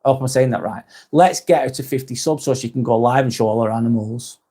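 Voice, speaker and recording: A man's voice: mid-range voice, fast, dark tone, breathy edge. Guy on a live stream reading the chat out and answering, friendly, middle voice. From northwest England. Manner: friendly, reads viewer comments aloud and replies.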